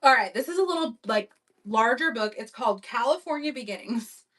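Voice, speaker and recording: A woman's voice: a little high, lively intonation, a little fast, fairly bright tone, distant mic. A woman hosting a casual live-stream auction, chatting upbeat as she describes vintage items for buyers. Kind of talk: casual live-selling chat.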